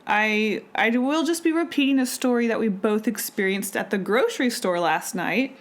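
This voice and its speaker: Brief: woman co-host, casual rambling chat, slightly high voice. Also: moderate pace. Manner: chatty, rambling with fillers. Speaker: podcast co-host.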